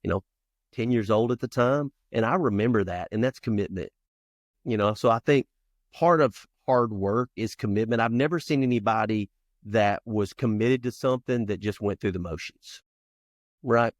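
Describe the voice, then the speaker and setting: This podcast interview features a man in his fifties, a founder and youth coach, recounting his childhood with lively, acted-out scenes, speaking earnestly with restarts and asides. His voice is on the low side at a moderate pace, captured in clean studio sound with no room sound.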